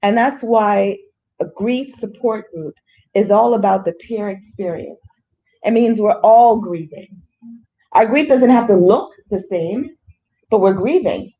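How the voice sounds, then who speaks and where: A woman facilitating a grief support group, speaking earnestly and animatedly. Her voice is soft-toned and warm. She reaches for plain everyday examples to make her point. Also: mid-range voice, animated, unhurried, lo-fi sound. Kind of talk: small-group discussion.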